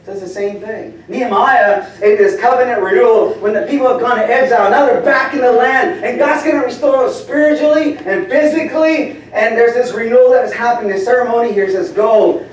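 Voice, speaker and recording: A middle-aged man preaching to a church, telling stories with frequent chuckles and sudden swings from loud to hushed. His voice is heard from far off in a big, heavily echoing hall. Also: high voice, moderate pace, hardly any pauses, a little hiss or hum. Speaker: pastor. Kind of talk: sermon. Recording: distant echoey hall from far off.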